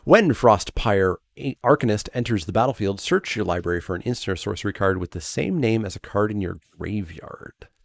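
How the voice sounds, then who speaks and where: A man's voice: on the low side, expressive, normal speed, creaky, hardly any pauses, dry recording. A man reviewing cards in a casual, chatty way, loose with fillers and self-corrections, laughing at his own remarks. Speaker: card game reviewer. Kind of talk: casual draft set review.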